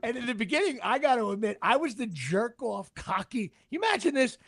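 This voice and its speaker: A man's voice: very high voice, big pitch swings, brisk, fairly bright tone. A middle-aged man, an actor being interviewed, telling rambling stories with restarts and sports asides. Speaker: actor guest. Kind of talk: casual anecdotal storytelling.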